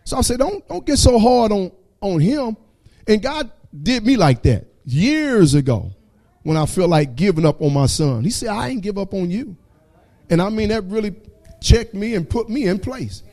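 Man, high-pitched voice, fervent church testimony, repetitive preaching rhythm. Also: expressive, moderate pace, warm tone. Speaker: church member giving testimony.

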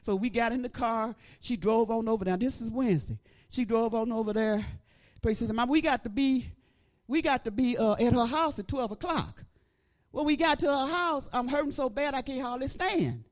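A middle-aged woman preacher giving an animated testimony, breaking into praise and shouting at the peaks. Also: a little high, moderate pace. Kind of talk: testimony sermon.

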